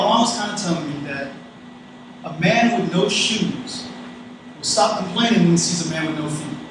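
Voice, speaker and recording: Folksy man in an echoey hall. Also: on the high side. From North Carolina. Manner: casual, folksy, addresses audience directly. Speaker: guest speaker. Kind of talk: graduation speech. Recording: echoey hall, distant mic, noisy.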